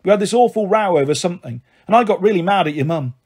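A bustling, big-hearted auntie who runs a pub, as a man reading aloud puts her on. She talks frankly and jollily in a lifted, slightly husky voice. A storybook reading. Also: high voice, animated, fast. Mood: hearty. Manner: warm, jolly, frank.

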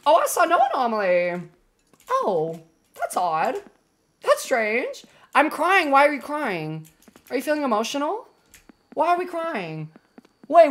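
A woman streams a game and chats with her viewers, her voice pitched high and swinging widely up and down. She is expressive and loose, swearing freely one moment and cooing sweetly to her chat the next. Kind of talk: casual live-stream chat while gaming.

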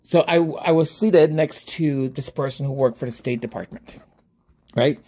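Moderately paced and a little rough, this man's slightly high voice carries a casual storytelling monologue on the podcast he hosts. He laughs a lot and animatedly voices both sides of the conversation.

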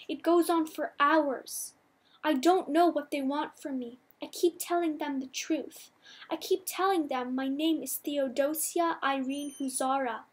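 A woman reading a novel aloud in the first person, measured and softly dramatic. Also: sits high. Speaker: audiobook reader.

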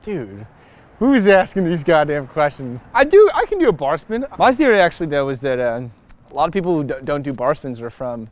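Excitable, cursing man on a lapel mic. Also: mid-range voice. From Chicago, USA. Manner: excitable and profane, loud bursts, frequent laughs. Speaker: scooter rider interviewed on a filming day. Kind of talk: casual chat while filming. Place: outdoors on city streets.

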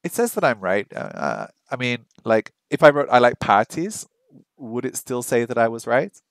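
A man's voice: mid-range voice, sing-song, moderate pace, no echo. A man with a mid-range voice talks his way through practice, repeating the same short phrases again and again. He mutters half to himself and pokes fun at his own slips. The sound is close and dry, with no room around it. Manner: thinks aloud, repeats phrases over and over, self-mocking. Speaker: streamer learning a language. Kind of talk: casual think-aloud study stream. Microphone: streaming microphone that picks up his voice weakly.

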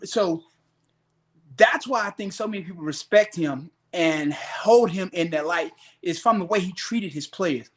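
A man hosting a sports podcast, chatting in a relaxed conversational way with casual grammar. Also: high-pitched, a little slow. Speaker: podcast host. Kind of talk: casual interview chat.

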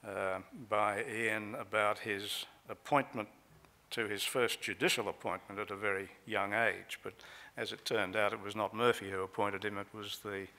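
A man giving a measured conference talk on a legal case, pausing often with fillers, speaking from a lectern microphone. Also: fairly low pitch, steady tone, creaky, bright, forceful tone. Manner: measured, with frequent filler pauses. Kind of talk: conference talk recounting trial transcripts. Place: conference hall.

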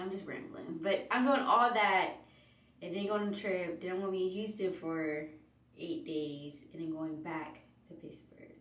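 A woman's voice: on the low side, recorded from a distance. A woman vlogger chatting casually and rambling through her week, telling stories with a lilt. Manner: chatty, rambling, animated storytelling. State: out of breath. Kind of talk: casual vlog chat. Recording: echoey room, voice off-mic, faint hiss.

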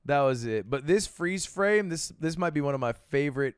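A man's voice: fairly high pitch, expressive, normal speed, clean tone, dry recording, studio quality. A man in his twenties giving casual, rambling reaction commentary, laughing and packing his talk with fillers. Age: 20s. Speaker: streamer reacting to a video.

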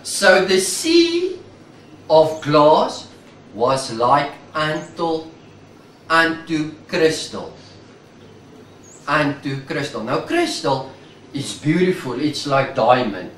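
Emphatic preacher with a high, lively voice. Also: male voice, slight background noise. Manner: emphatic, repeating key words, drawn-out phrases. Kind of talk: sermon. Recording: echoey room, mic at a distance.

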